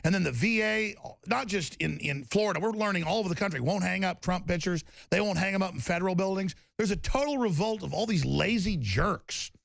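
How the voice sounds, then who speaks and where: A man's voice: sits high, a little fast, gravelly, few pauses, no room sound. A middle-aged man hosting a radio talk show, ranting heatedly about politics and mocking others in quoted voices.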